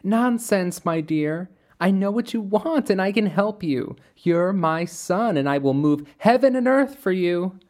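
A possessive ghostly mother from a spoken story, put on by the narrator. She sounds higher and thinner than the storyteller's own voice, sweetly insistent and smothering. Her sweetness edges toward menace. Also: lively intonation, measured pace, few pauses, darkish tone, lightly acted. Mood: doting, insistent.

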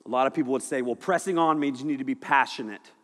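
A man preaching a lively, jokey youth sermon to a room of students. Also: medium pitch, quick pace. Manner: animated, jokey, shouting at times. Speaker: youth pastor. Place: church hall with audience. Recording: echoey hall.

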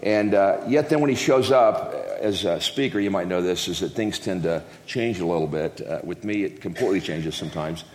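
A deep-voiced guest preacher rambles through a casual, joking sermon in a church hall, speaking at a moderate pace with few pauses. He keeps interrupting himself with folksy jokes, and the hall's long reverb makes it echoey.

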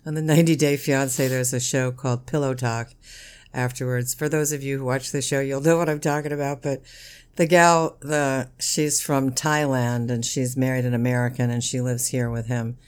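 A woman's voice: a bass voice, fairly even intonation, moderate pace, smooth. A middle-aged woman co-hosting a podcast with her son, chatting casually, teasing and laughing often. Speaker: podcast co-host. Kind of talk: casual chat.

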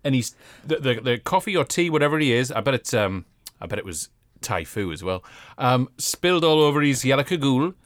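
A man's voice: medium pitch, big pitch swings, a little fast, hardly any pauses, dry recording, studio quality. A British man co-hosting a podcast, retelling an episode in jokey, chatty storytelling. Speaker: podcast co-host. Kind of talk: casual chat review.

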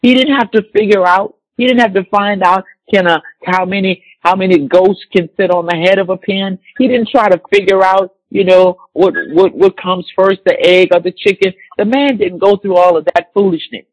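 Preacher, male, slightly high husky voice, emphatic repetition, dry close recording. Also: fairly even intonation, no echo, low-quality recording. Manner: slow emphatic scripture reading, repeating key words. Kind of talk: sermon with scripture reading.

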